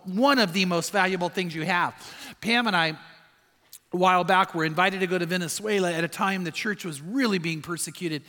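Male pastor, middle-aged, storytelling sermon style with emphatic repeats, bright tone. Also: high voice. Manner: storytelling preacher, emphatic repetition. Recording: long hall reverb.

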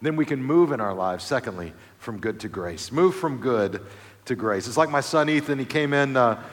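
Pastor preaching in a reverberant hall. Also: male voice, brisk. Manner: storytelling, swings from soft and low to loud and animated. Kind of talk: sermon. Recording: long reverb of a large hall.

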